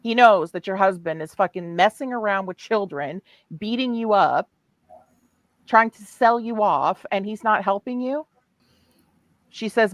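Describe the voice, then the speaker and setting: A woman's voice: medium pitch, expressive, unhurried, dry recording, low-quality recording. Furious, swearing woman on a livestream. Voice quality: furious, heavily profane. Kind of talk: heated livestream callout.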